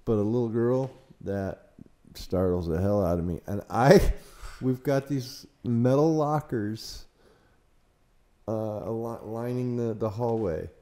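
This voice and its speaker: In a warm, fairly low voice and at a slow pace, a man who tends a haunted building shares a ghost story during an interview. He wanders off track, hesitates through many fillers, and chuckles at himself.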